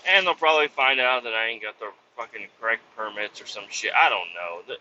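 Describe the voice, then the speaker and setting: Talking fairly quickly in a mid-range voice, a Kansas truck driver rambles through casual, profanity-laced tales from behind the wheel, doing voices for the people in them. The audio is dull, with a little hiss or hum.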